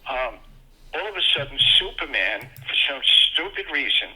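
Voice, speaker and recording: A man's voice: normal speed, poor audio. An older man from Brooklyn, telling childhood stories as a guest in casual chat. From Brooklyn, New York. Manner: animated, jumps into excited high voices for quoted moments. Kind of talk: casual storytelling.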